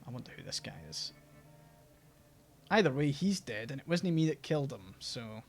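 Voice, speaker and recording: A young Scottish man hosting a game stream, chatting casually and halting with many restarts. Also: medium pitch, big pitch swings, faint music behind. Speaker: streamer host. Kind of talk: casual chat while gaming.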